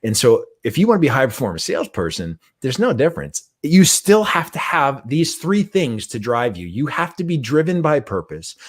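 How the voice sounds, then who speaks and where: A middle-aged man giving a motivational talk, telling a story in an animated, conversational way and often checking in with the listener. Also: mid-range voice. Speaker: guest trainer and speaker.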